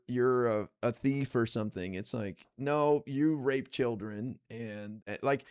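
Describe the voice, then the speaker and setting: A man's voice: mid-range voice, clear, resonant tone, no echo, studio quality. A man ranting casually on his stream, exasperated and profane, rambling with lots of fillers. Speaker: political streamer.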